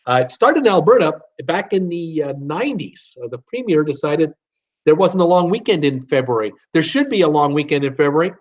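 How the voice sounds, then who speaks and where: Chatty high-voiced man hosting live. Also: lively intonation, fairly quick, muffled recording. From Canada. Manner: chatty, reads names aloud and jokes along. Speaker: host of a live cruise show. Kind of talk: live chat reading viewer comments. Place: home.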